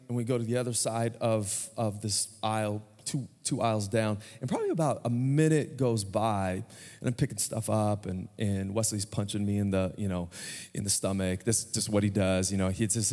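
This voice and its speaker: A man's voice: fairly low pitch, a little mellow. A man in his thirties with an American accent, preaching a conversational sermon, telling a family story and asking the congregation questions. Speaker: pastor. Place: church sanctuary. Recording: long church hall reverb.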